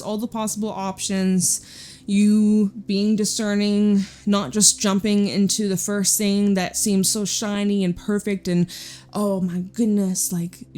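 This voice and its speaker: A woman's voice: mid-range voice, darkish tone. A young woman giving a casual tarot reading, chatty and blunt, swearing freely and laughing often. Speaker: tarot reader.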